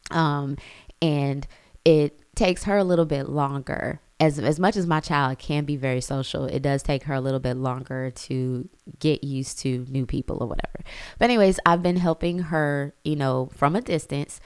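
A woman's voice: low-pitched, steady tone, moderate pace, darkish tone, clean tone, no echo. A woman, chatting casually as she tells a family story to her viewers. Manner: chatty, says y'all, acts out quotes. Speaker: vlogger.

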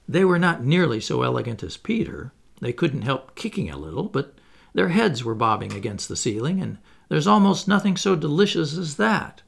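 A man reading a children's story aloud as narrator, in an expressive, playful way. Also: a little high, normal speed, vocal fry, slightly rough. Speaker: audiobook reader.

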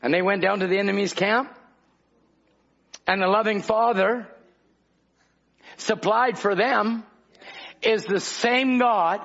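A man's voice: high voice, takes it slowly, long pauses, fairly bright tone. A man preaching a fervent revival sermon, calling out to the congregation in rhythmic bursts. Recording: dull lo-fi old recording.

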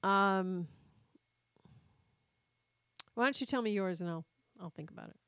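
A woman co-hosting a casual movie podcast, relaxed and hesitant, pausing with ums as she thinks. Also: mid-range voice, smooth, dry recording, clean studio sound. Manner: relaxed, hesitant, quick to laugh. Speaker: podcast co-host.

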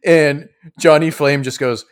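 A man running a tabletop game as game master, narrating in a relaxed, chuckling way with many fillers. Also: on the high side, a little slow, clear, resonant tone. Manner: laid-back, chuckling, lots of fillers.

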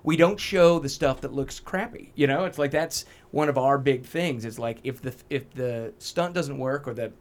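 A man's voice: mid-range voice, moderate pace, hardly any pauses. A man, a guest filmmaker, chatting casually and acting out quotes as he tells stories. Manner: animated storyteller, acts out quotes. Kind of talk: casual chat.

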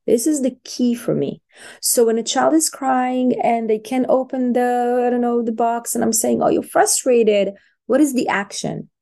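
Middle-aged woman, mellow, slightly high, expressive teacher energy. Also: normal speed, creaky. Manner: animated, acts out parents and babies in quoted voices. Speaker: positive psychology expert, guest. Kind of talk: casual podcast interview.

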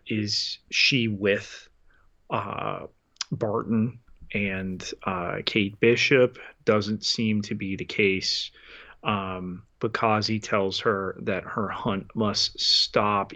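A man co-hosting a podcast, recapping scenes in a measured, unhurried way. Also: lowish voice, a bit bright. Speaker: podcast co-host. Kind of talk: casual chat. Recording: dull lo-fi sound.

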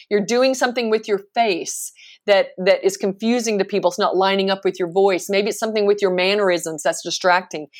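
A professional speaker in her forties, appearing as a guest in a casual interview, talks animatedly and emphatically with frequent laughter. Her voice is medium in pitch.

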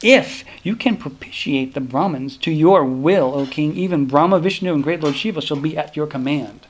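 A man's voice: on the high side, moderate pace, lightly acted. A scheming false hermit boasts in a grand, reciting tone, as a man reads him out in a slightly raised voice. He sounds sure of his own greatness.

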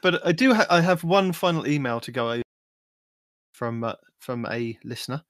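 A man hosting a gaming podcast, chatting in a relaxed, rambling way. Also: mid-range voice, moderate pace, dry recording. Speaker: podcast host. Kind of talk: casual gaming podcast chat.

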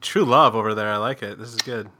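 A man in a casual comedic chat, playful and quick to laugh. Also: fairly low pitch, pushed and bright, dry recording.

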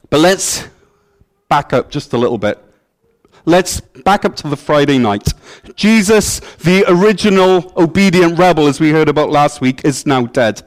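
A man's voice: on the high side, expressive, moderate pace. A man preaching a sermon as pastor, in a playful, joking storytelling manner. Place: church.

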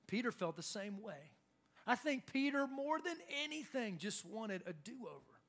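A young adult male pastor preaching a sermon in an animated way, acting out quotes. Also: high-pitched, unhurried. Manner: animated, acts out shouted quotes.

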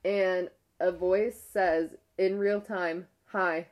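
A young woman with a fairly low voice tells a spooky story in a loose, chatty way. She piles up "like" and half-finished sentences as she goes. Her tone stays casual and conversational. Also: moderate pace. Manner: rambling, heavy use of "like", frequent restarts; retells a ghost-hunt episode with a hushed, animated tone.

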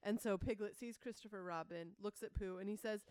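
This podcast co-host speaks at a medium pitch, a little fast, with a slightly mellow, clean tone on a dry recording. Chatting casually, she lays out her thinking in a thoughtful, analytical way and reads quotes aloud.

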